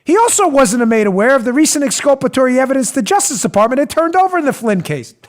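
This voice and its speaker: A man hosting a political talk show, delivering animated, sarcastic commentary and acting out mocking little scenes. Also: extremely high pitch, quick pace.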